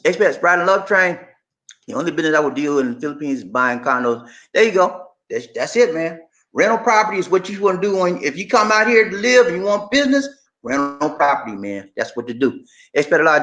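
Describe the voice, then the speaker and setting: A middle-aged man chats on a live stream in a high, bright voice and answers viewers as he goes. He is emphatic and repeats himself, calling his audience "man" and "y'all". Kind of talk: casual live stream chat reading viewer comments.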